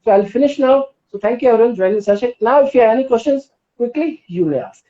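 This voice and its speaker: A woman's voice: fairly high pitch, quick pace. Woman, Indian English accent, yoga instructor, persuasive, roomy lo-fi live stream audio. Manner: animated and persuasive, asks the audience questions. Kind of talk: live-streamed wellness talk. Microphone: phone or laptop mic on a live stream.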